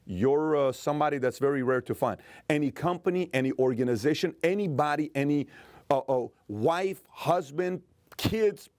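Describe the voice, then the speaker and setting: Guy in his 40s giving a motivational talk, emphatic, gets soft and emotional, dry close sound. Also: mid-range voice, no room sound. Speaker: motivational speaker and host.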